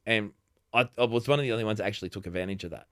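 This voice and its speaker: A man's voice: on the low side, racing, a bit bright, dry recording. Chatty Australian man in his forties, dry sound. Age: 40s. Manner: chatty, laughs often, many restarts. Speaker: podcast guest. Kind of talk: casual conversation.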